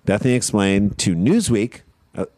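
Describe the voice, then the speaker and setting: A man's voice: on the low side, expressive, moderate pace, a little mellow, a little hiss or hum. A man co-hosting a casual comedy chat, retelling a news story with wry asides. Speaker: podcast co-host.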